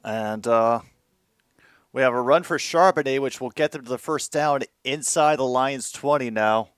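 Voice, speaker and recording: Excitable man calling a football game. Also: mid-range voice, normal speed, smooth, no echo. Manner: excitable, swings from dry asides to loud outbursts. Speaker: host doing live game commentary. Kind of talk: casual live play-by-play commentary.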